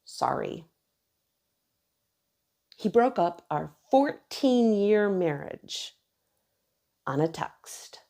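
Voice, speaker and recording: A woman's voice: medium pitch, lively intonation, slow pace. A woman in her thirties earnestly telling a personal story on her own channel. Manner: earnest, emotional retelling, quoting others softly.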